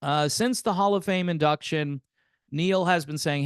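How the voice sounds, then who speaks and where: Man in his 50s, music commentary host, casual wry sarcasm, a bit high, dry close sound. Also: measured pace, clear, resonant tone, dry recording. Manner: wry and sarcastic, with theatrical asides.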